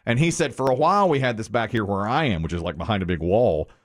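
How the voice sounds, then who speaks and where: Morning radio host, male, low animated storyteller who acts out the quotes. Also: quick pace. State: sweaty from the gym.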